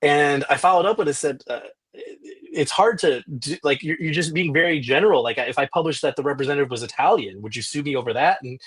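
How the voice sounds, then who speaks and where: A man's voice: a little high, fairly quick, a bit bright, breathy edge. A man, a journalist guest on a podcast, telling a story in detail with frequent restarts and quoted back-and-forth dialogue.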